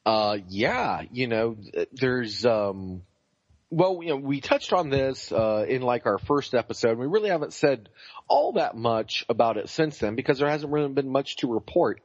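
A man's voice: medium pitch, animated, moderate pace, dry recording. Man, podcast co-host, casual rambling chat, fillers and swearing, dull lo-fi mic.

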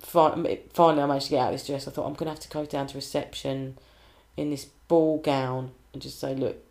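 A woman, a singer and compère, chatting in an interview and telling stories with lively put-on quotes. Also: low-pitched, a little fast, gravelly. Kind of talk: casual interview chat.

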